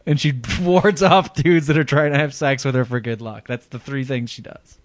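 A man's voice: medium pitch, fairly even intonation, normal speed, dry recording. A man co-hosting a podcast in casual chat, rambling through a story and chuckling often. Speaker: podcast co-host.

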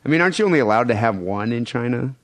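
A man's voice: mid-range voice, animated, very fast, fairly bright tone, no echo. A man co-hosting a casual, crude podcast, telling a news story with joking asides. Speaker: podcast co-host.

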